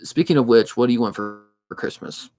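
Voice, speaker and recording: A fast-talking man in his twenties chats casually on a livestream at an ordinary middle pitch, with faint music behind him. Steady and somewhat monotone, he rambles and thinks aloud with plenty of fillers, like a narrator of fan readings.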